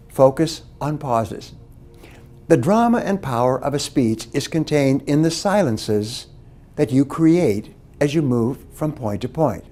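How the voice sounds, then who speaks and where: Warm, lively motivational speaker man. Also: medium pitch. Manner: emphatic, with rising stresses on key words. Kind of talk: motivational speech on speaking skills.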